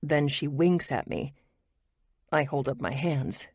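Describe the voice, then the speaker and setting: A woman's voice: sits low, takes it slowly, a little mellow, husky, dry recording, clean studio sound. A woman narrating a romance audiobook in the first person, wry and intimate.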